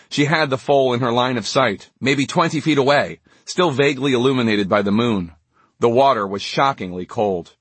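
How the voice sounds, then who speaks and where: A man reading a novel aloud in a steady, measured storytelling manner. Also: mid-range voice, breathy edge, no room sound. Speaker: audiobook narrator. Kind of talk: scripted narration.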